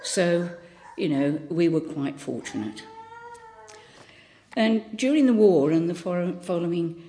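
A woman's voice: fairly low pitch, animated, slow pace, warm tone. A woman in her eighties from Birmingham, with a faint Birmingham accent, telling chatty, rambling stories with many ums and restarts as she gives a thought for the day. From Birmingham, England. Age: 80s. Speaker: speaker giving a thought for the day. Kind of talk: casual anecdotal talk.

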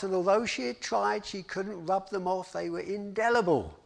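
Expressive man telling a children's story. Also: high voice, moderate pace, vocal fry, hardly any pauses. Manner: expressive, dramatic, inviting.

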